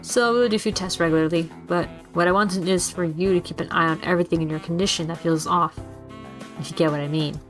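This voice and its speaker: A woman reading a visual novel aloud, voicing a cheerful, nosy male school nurse who lectures in a friendly but insistent way, with soft music behind. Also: on the low side, steady tone, fast, close to an everyday voice. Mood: concerned.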